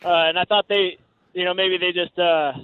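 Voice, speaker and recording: A man calling into a radio show, rambling excitedly and sounding embarrassed. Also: high-pitched, normal speed, clean tone, no echo. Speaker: caller. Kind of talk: phone call to a radio show. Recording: dull lo-fi phone line.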